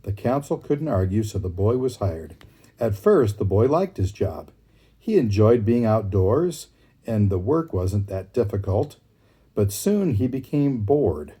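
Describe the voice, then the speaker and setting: A man reads fables aloud in a relaxed, easy way, with warm, mellow tone and a slightly husky grain. His pitch moves a lot as he reads, giving the story plenty of lift. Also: unhurried. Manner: relaxed, easy reading with asides.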